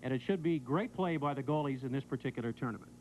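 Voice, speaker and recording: A man's voice: mid-range voice, quick pace, a little hiss or hum, low-quality recording. Stat-listing hockey color commentator, man. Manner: listing stats methodically. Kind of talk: sports broadcast commentary.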